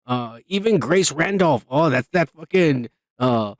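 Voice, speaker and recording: Man, podcast co-host, crude rambling chat, slightly high voice, dry close mic. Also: lively intonation, measured pace, no echo. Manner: crude, rambling, repeats yeah a lot. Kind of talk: casual drunk chat.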